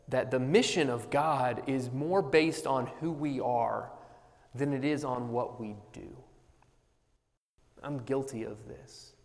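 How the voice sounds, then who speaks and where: A man preaching a sermon as pastor, earnest and emphatic, with bursts of animated humor. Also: medium pitch, big-room sound.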